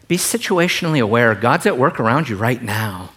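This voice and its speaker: A middle-aged man preaching a sermon in an animated, joking way, moving from quiet emphasis to loud bursts. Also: medium pitch, normal speed. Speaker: pastor.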